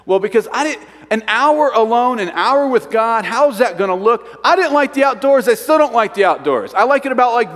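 Man preaching, high voice, long hall reverb, lively self-mocking storyteller. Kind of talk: sermon.

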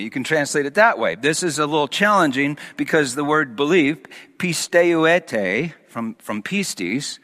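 A man preaching a sermon, swinging from loud emphatic peaks down to hushed, almost whispered lines. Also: a little high, lively intonation, measured pace, few pauses, long reverb tail.

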